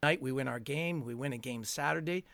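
A man's voice: mid-range voice, fairly quick, vocal fry, fairly bright tone, no echo, clean studio sound. An older man, telling a long story as a guest, rambling and chuckling with plenty of fillers. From Canada. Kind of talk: storytelling in a conversation.

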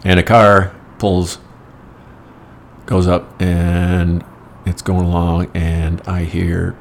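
A man's voice: low voice, flat delivery, extremely slow, a little hiss or hum. A middle-aged man telling casual, rambling anecdotes in a wry, profane manner. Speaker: storyteller.

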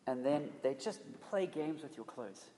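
A man's voice: on the high side, expressive, measured pace, warm tone, slight background noise. A man preaching a sermon in an emphatic, conversational way, often restarting his phrases. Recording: long reverb of a hall.

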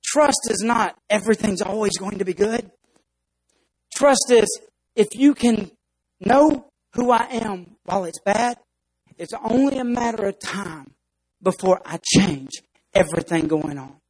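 A male pastor preaches with emphasis and breaks into acted-out scenes. His voice sits high, with a husky edge. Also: measured pace, darkish tone, rough recording. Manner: emphatic preaching, acts out stories. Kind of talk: sermon.

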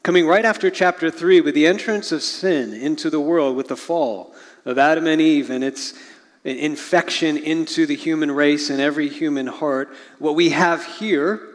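A middle-aged man preaching a sermon as pastor, earnest, often sinking to a hushed low voice at the ends of phrases. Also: moderate pace. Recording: long reverb of a large hall.

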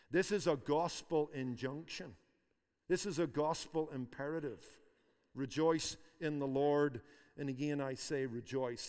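A man's voice: on the high side, darkish tone, big-room sound. A man preaching a sermon, emphatic, repeating phrases for force. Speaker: pastor.

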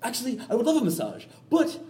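A man's voice: extremely high pitch, huge pitch swings, quick pace, mellow, distant mic, pitched above the performer's own voice, heavily acted. A man voicing his mother, an eager and chatty woman who talks in a rush. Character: his mother, an eager female massage therapist.

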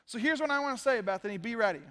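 A man preaching as a pastor in a church, casual and joking, slipping into quick quoted asides. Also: extremely high pitch, animated, pushed and bright, smooth, big-room sound. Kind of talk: casual sermon. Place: church sanctuary.

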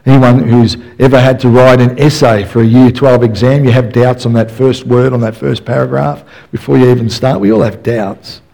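A man in a middle register delivers a relaxed, conversational sermon. He tells the story with easy humour and many "you know" fillers. It sounds like a friend chatting rather than a formal preacher. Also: medium pitch, normal speed, gravelly, hardly any pauses, rough recording.

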